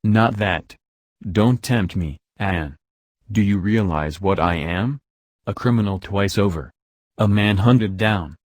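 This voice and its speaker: A man's voice: lowish voice, slow pace, no room sound, clean studio sound. A man reading the part of a brooding, hunted young man in an audiobook, with an impassioned, pleading delivery. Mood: anguished.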